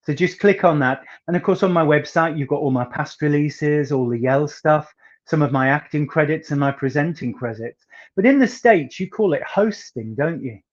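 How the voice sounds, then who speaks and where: Man, soft northeast English accent, fairly high voice, chatty storyteller, theatrical emphasis, muffled lo-fi audio. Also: moderate pace. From northeast England. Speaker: singer guest.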